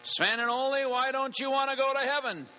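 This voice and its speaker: Man putting on a high, commanding fire-and-brimstone preacher. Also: steady tone, fairly quick, smooth. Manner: loud, commanding. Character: fiery male preacher giving a heaven-or-hell sermon.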